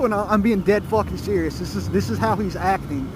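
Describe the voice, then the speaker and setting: Male moto vlogger, swears a lot, loose storyteller, high voice, road and engine noise behind. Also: expressive, normal speed. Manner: profane, rambling, laughing storyteller. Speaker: motorcycle vlogger. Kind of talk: casual storytelling. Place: outdoors on a motorcycle in traffic. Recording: helmet mic with road noise.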